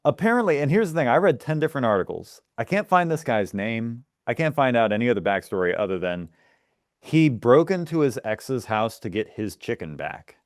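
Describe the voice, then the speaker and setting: Animated ranting man on a podcast. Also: mid-range voice, fairly quick, no room sound, studio quality. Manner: animated, ranting with mock outrage. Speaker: podcast co-host. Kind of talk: casual chat.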